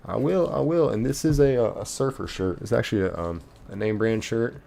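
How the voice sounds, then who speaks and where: A man's voice: mid-range voice, fairly quick, vocal fry, dark tone. A man streaming a game live, chatting casually and reading viewer comments aloud.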